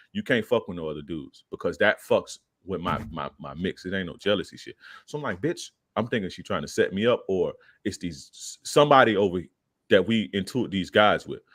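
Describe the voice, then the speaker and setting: A man's voice: low voice, fairly bright tone, no echo, studio quality. A young man, a podcast guest, casually telling a profane street story and acting out the quoted lines in a raised voice.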